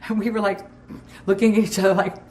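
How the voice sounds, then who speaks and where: A woman, a former sitcom cast member, recalling a shoot in a lively, animated interview story. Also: mid-range voice, fast. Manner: lively, animated, acts out scenes.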